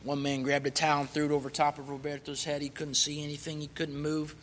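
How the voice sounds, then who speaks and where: A man's voice: on the high side, completely flat delivery, fast, fairly bright tone, long reverb tail, a little hiss or hum. A man, a missionary, earnestly telling his personal testimony, swelling with fervor when he recites scripture.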